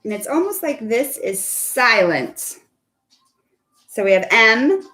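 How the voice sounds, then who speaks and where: A woman's voice: a little high, sing-song, slow pace, bright, forceful tone. A woman teaching a phonics lesson to children over a video call, patient and coaxing, asking her students questions. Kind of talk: online phonics lesson for kids.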